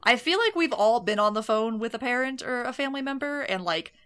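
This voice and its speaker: A woman's voice: fairly high pitch, lively intonation, brisk, a bit bright. A woman co-hosting a podcast, talking through a movie in a casual, chatty way with many fillers. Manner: chatty, filler-heavy, explains at length. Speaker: podcast co-host.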